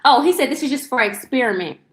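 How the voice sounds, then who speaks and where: High-voiced woman ranting in an echoey room. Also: expressive, quick pace. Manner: rambling, profane, frequent fillers and restarts. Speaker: lifestyle vlogger and livestreamer. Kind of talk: casual storytime rant.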